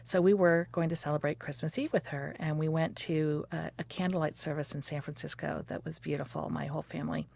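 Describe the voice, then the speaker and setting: A woman in her fifties telling the story of her courtship in a lively way, laughing often and acting out quotes. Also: sits low, a little fast, creaky, few pauses. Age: 50s. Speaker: interviewee recounting her courtship. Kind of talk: personal storytelling conversation.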